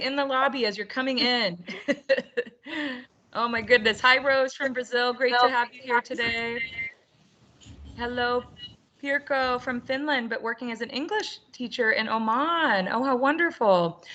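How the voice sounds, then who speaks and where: A woman's voice: on the high side, bright, forceful tone. A woman hosting an online roundtable for teachers over a video call, upbeat and chatty with frequent laughter. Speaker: webinar host.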